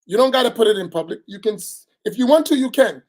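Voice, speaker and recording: A man's voice: sits high, expressive, fast talker, a little mellow. A man, an imam teaching a religious lesson in a direct, admonishing way, often tagging "right?" onto his points.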